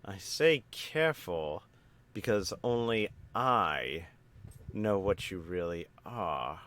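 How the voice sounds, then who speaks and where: A man's voice: sits low, lively intonation, slow pace, full character voice. A man voicing a grim male elf commander who rallies his troops. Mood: grave. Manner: commanding, shouts battle cries.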